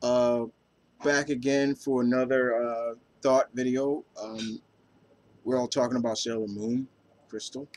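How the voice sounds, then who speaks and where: A man's voice: medium pitch, little pitch movement, measured pace, darkish tone. A man vlogging casually as an enthusiastic anime fan, talking in a hesitant way with many ums and restarts. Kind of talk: casual chat.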